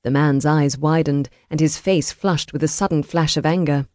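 A woman narrating a historical romance audiobook in a measured, even storytelling voice. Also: low-pitched, no room sound, studio quality.

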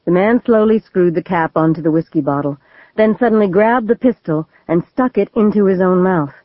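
A woman narrating a thriller audiobook in a measured, steady storytelling manner, on a tinny, phone-like recording. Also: on the low side, dry recording. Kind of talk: scripted narration of a legal thriller.

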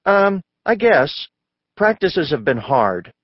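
Shy young schoolboy, hesitant, high voice, put on by a male narrator, storybook. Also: very animated, slow pace, no room sound, highs cut off, heavily acted. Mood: unsure. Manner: hesitant, higher voice.

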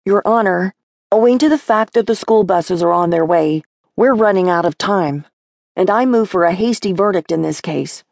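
A woman's voice: mid-range voice, moderate pace, gravelly, a little mellow, no echo, studio quality, lightly acted. A woman reading an audiobook, voicing a cocky, sardonic twelve-year-old boy with a theatrical, sneering manner.

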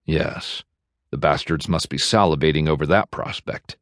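A man narrating an audiobook in a measured, even storytelling manner, recorded in a studio. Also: extremely low pitch, dry recording. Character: bitter man navigator. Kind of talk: scripted narration. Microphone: studio microphone.

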